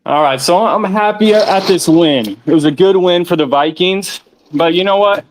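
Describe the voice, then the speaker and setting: A male caller vents to a sports talk show with an emphatic, fired-up rant, hammering the same points again and again. His voice sits a little high, and the sound is dry and close. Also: animated, moderate pace, dry recording. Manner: fired-up, emphatic, repeats himself. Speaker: fan caller. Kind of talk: heated call-in rant.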